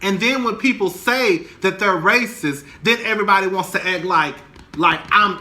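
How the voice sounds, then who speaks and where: A man's voice: high-pitched, big pitch swings, moderate pace, sharp tone. A young man angrily ranting about a reality TV show, heated, profane and emphatic. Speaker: commentator. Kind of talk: angry reality TV rant to camera.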